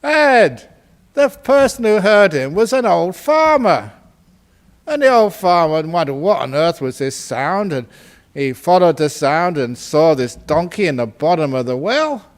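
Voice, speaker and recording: A man, a Buddhist monk, telling a humorous teaching story in a playful way and laughing at his own jokes. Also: fairly high pitch. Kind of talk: humorous storytelling dharma talk.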